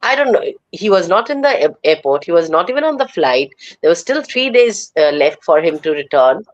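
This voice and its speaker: Indian woman with a lowish lively voice, dry sound, telling a story. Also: brisk, no room sound, muffled recording. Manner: storytelling, animated. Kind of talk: live online panel chat.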